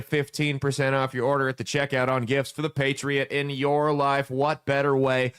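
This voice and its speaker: A man's voice: medium pitch, level tone, moderate pace, few pauses, fairly bright tone, smooth. Male podcast host, thirties, brash and crude, mid-range voice, casual loose delivery. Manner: brash, crude joking storyteller.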